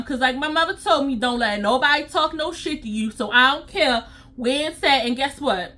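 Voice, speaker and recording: A woman CPR instructor telling a story to her vlog audience in a sassy, animated way. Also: high voice, moderate pace.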